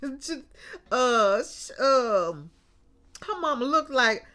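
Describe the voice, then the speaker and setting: A woman talking through a TV episode in a relaxed, chatty recap. She speaks slowly, and her fairly high voice swings up and down a lot. She laughs often and drops in folksy words like baby and child. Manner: animated, laughs often, drawls out exclamations; colloquial and chatty, calls listeners baby and child.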